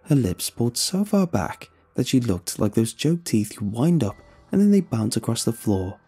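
Gravelly man narrating a horror story. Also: mid-range voice, moderate pace, soft background music. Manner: expressive, suspenseful.

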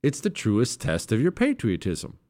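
A man's voice: medium pitch, wildly swooping pitch, moderate pace, dark tone. A man hosting a political talk radio show, delivering an emphatic, sarcastic monologue. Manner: emphatic, sarcastic, mocks opponents with put-on voices.

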